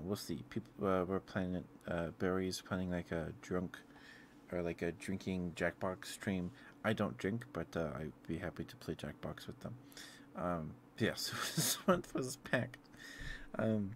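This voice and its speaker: A man streaming ASMR, chatting casually and softly with his viewers in a laid-back, meandering way at his home setup. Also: deep voice, a little hiss or hum.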